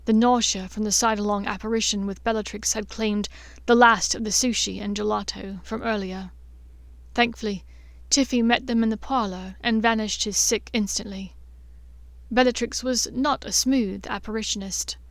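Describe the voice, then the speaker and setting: A woman narrating a fan-fiction audiobook in a measured, expressive reading. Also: medium pitch, dry recording.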